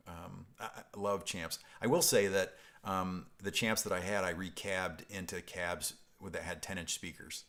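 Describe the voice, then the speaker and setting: A man's voice: low-pitched, a bit bright. A man from upstate New York hosting a guitar live stream, chatting loosely and reading out viewer comments with frequent restarts and chuckles. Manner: rambling, self-interrupting, chuckling.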